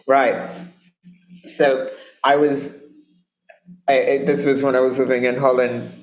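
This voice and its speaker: A woman in her late fifties, a guest in a casual conversation, tells animated stories and acts out quotes with laughter. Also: very deep voice, measured pace. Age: late 50s. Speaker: guest, spiritual guide. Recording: roomy echo.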